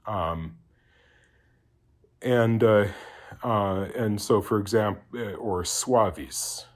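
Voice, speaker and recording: A man giving an informal spoken Latin lesson, hesitant and full of fillers, slowly sounding out example words and checking in with "okay?". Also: fairly low pitch. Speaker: Latin teacher.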